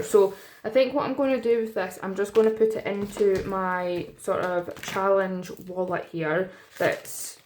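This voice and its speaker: A woman's voice: medium pitch, a little hiss or hum. Tired woman from the uk rambling casually on her budget vlog, lots of ums. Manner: chatty, rambling, many fillers. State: tired, yawning. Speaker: budgeting vlogger. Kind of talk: casual chat to camera.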